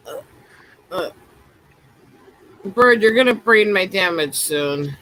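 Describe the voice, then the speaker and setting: A bright, crisp voice recorded close and dry, taking its time. The speaker teases a friend with an exasperated, joking tone on a casual stream. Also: medium pitch, animated, slow pace, no echo, rough recording. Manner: exasperated teasing.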